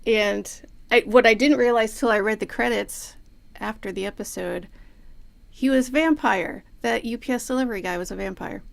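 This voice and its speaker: A woman co-hosting a podcast, chatting casually about a TV episode, playful and quick to swear. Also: fairly high pitch, gravelly. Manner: playful, swears freely, laughs often. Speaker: podcast co-host. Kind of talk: casual chat recapping a TV episode.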